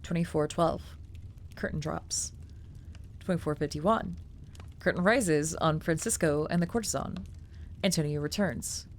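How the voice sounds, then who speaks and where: A woman with a fairly low voice reads a document aloud on a stream. She keeps breaking off into chatty, filler-heavy asides and swears casually. A faint hiss sits under the recording. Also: measured pace, long pauses.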